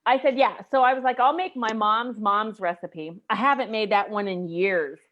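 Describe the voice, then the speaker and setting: A woman in her forties from the United States, telling a personal story in a casual group chat, animated and emotional. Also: mid-range voice, moderate pace, muffled recording. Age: 40s.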